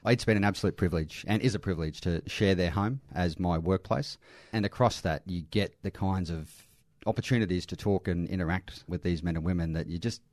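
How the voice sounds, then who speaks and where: A man's voice: low voice, brisk, a little mellow, dry recording, studio quality. A middle-aged Australian man, an army veteran working in aged care, telling earnest stories in an interview with restarts. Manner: earnest, anecdotal, with frequent restarts and light laughs. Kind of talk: conversational interview storytelling.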